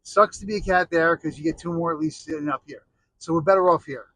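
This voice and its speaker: A man's voice: on the high side, fast, fairly bright tone, poor audio. A middle-aged American man telling rambling, jokey stories in a casual monologue, full of restarts and asides. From United States.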